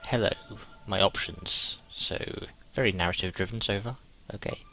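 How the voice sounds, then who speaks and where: A man's voice: on the low side, normal speed, sharp tone, faint music behind, poor audio. A man doing casual game playthrough commentary, reading on-screen text aloud with dry asides. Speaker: gaming video host.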